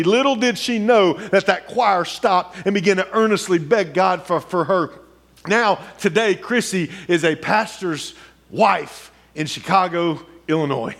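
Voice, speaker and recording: Higher-pitched man preaching a sermon. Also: normal speed. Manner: builds from quiet storytelling to rising, urgent preaching. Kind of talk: sermon storytelling.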